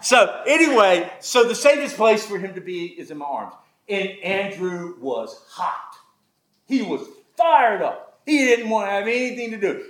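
A man's voice: high-pitched, roomy sound, poor audio. A man preaching a sermon, telling folksy stories with jokes. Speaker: pastor.

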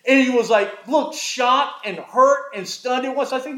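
A man preaching a sermon, emphatic, asking the listeners rhetorical questions and swinging from loud to hushed. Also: very high-pitched, a little slow.

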